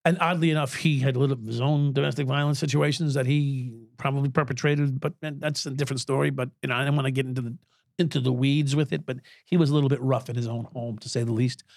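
A man's voice: medium pitch, fairly even intonation, quick pace, gravelly, darkish tone, dry recording. Blunt, chuckling older man in dry studio. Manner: blunt, swears freely, chuckles through stories. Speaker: guest, former police officer. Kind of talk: candid conversational storytelling. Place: podcast studio.

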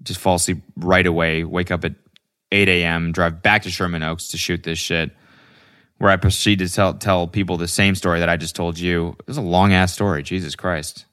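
A young man hosts a solo podcast and tells his stories in a loose, rambling way. He swears freely and fills his sentences with ums and likes. His voice sits low. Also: level tone, moderate pace, fairly bright tone, clean tone. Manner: profane, rambling, lots of fillers. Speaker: podcast host. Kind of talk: casual solo podcast storytelling.

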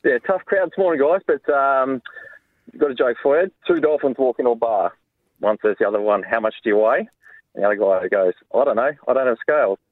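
A man's voice: medium pitch, brisk, narrow, tinny audio. A man calling a radio show, telling a joke in a laid-back way. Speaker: caller.

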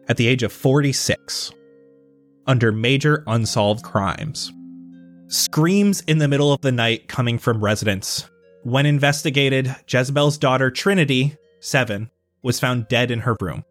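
A man narrating a tabletop game as game master. His voice sits at a middle pitch and his delivery stays steady. Soft music plays underneath. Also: a little slow.

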